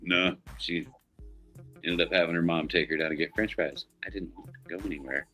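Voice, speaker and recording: Middle-aged male streamer, low-pitched, profane, easygoing storyteller, faint music underneath. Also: fairly even intonation, a little fast, sharp tone. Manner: profane, rambling storyteller who laughs often. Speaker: livestream host. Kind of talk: casual chat.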